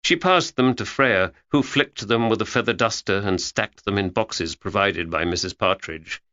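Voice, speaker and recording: Male audiobook narrator, bright and lively, with a dull, lo-fi sound. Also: on the low side, normal speed, hardly any pauses, no echo. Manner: expressive storytelling. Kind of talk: scripted narration.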